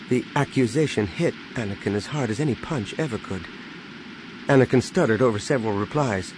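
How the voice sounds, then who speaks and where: A male audiobook narrator reads a science-fiction novel aloud in measured, scripted narration, his voice dropping low on the sad lines. Steady background noise runs under the recording.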